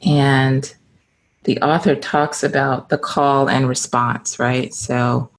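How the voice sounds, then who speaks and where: A woman's voice: rumbling low, little pitch movement, slow pace. A woman hosting a podcast, asking questions in a reflective way and thinking aloud. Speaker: podcast host. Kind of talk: interview questions.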